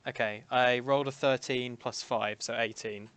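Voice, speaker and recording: A man's voice: mid-range voice, fairly even intonation, moderate pace, fairly bright tone, smooth, no room sound. A man playing a tabletop game who asks questions hesitantly. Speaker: player.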